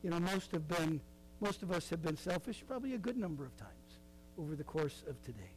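A man's voice: fairly high pitch, expressive, fairly quick, slight background noise, low-quality recording. A middle-aged man preaching a sermon in a conversational way, with frequent asides and fillers. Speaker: pastor.

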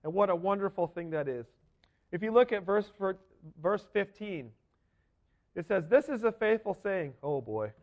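A man's voice: high-pitched, lively intonation, moderate pace, highs cut off. A man giving an earnest, emphatic sermon as a first-person dramatic monologue. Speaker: preacher.

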